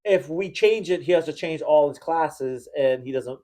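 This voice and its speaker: A man with a fairly high voice tells rambling stories on a casual podcast. He acts out the people in his anecdotes and breaks into loud laughter now and then. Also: moderate pace. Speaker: podcast host. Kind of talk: casual storytelling chat.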